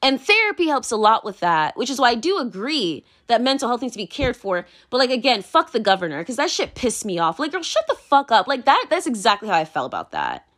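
A woman's voice: on the high side, wildly swooping pitch, brisk, hardly any pauses, a bit bright. A woman vlogging her opinions in a rambling, heated, profane rant full of fillers.

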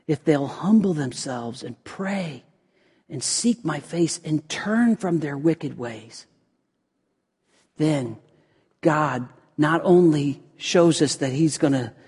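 Slow, husky-ish preacher guy, goes from loud to almost whispering, big echoey church. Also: medium pitch. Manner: swings from loud emphatic lines to hushed, near-whispered ones. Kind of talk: sermon. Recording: long reverb of a large hall.

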